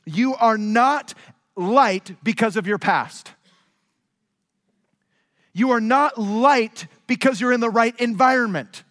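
A man with a notably high-pitched voice delivers a sermon to his congregation, leaning on repeated, emphatic phrases. He drifts between hushed, low-voiced asides and raised, pressing stresses. His words trail off into a long, rolling hall reverb. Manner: emphatic, repetitive rhetorical phrasing. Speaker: pastor. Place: large church sanctuary.

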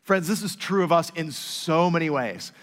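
A man preaching a sermon as pastor, telling a story with animated swings from loud to hushed. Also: fairly high pitch, normal speed, big-room sound.

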